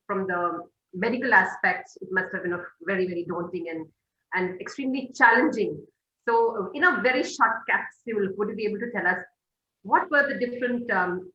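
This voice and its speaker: A woman's voice: mid-range voice, bright, forceful tone. A woman hosting an online interview, prompting the guest and summing up her points. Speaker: host. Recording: echoey muffled audio.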